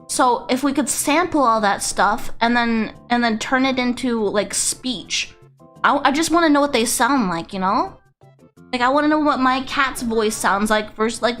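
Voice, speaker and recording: Excitable, foul-mouthed woman streamer. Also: fairly high pitch. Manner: rambling, swears a lot, excitable. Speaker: VTuber streamer. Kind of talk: casual livestream chat.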